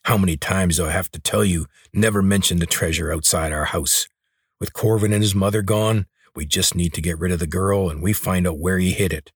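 A harsh, scheming farmer father with a low, husky voice, read by a man doing the storybook voices. He barks rough rural orders, recorded dry and close. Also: fairly even intonation, a little fast, no room sound. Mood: scolding. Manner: harsh, scolding rural speech. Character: gruff, bullying middle-aged farmer father.

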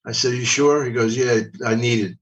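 Rambling older comedian from Philly. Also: male voice, medium pitch, steady tone, normal speed, a bit bright. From Philadelphia. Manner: rambling, repeats words, profane. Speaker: guest comedian. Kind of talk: casual storytelling. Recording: voice from a distance.

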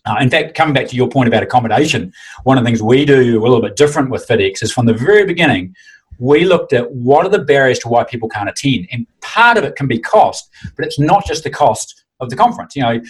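Fast-talking husky man. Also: medium pitch, rough recording. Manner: enthusiastic, animated storytelling with mimicked quotes. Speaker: fitness convention organizer. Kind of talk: casual conversation.

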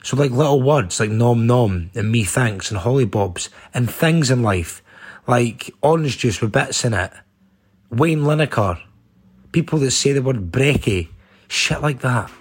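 Scottish lad, very husky rough voice, swears a lot, jokey rambling. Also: male voice, medium pitch, lively intonation, measured pace. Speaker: podcast co-host. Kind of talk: casual comedic chat.

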